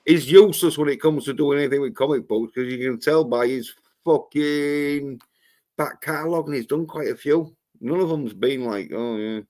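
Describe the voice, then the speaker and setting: A man's voice: a little high, moderate pace, a little mellow. Blunt, foul-mouthed man. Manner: profane, blunt and mocking. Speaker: livestream host. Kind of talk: casual panel chat.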